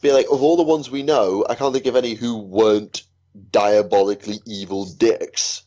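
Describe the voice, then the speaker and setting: A man's voice: lowish voice, steady tone, moderate pace, warm tone, highs cut off. A man co-hosting a casual podcast chat, teasing and hesitant, with frequent ums. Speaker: podcast co-host.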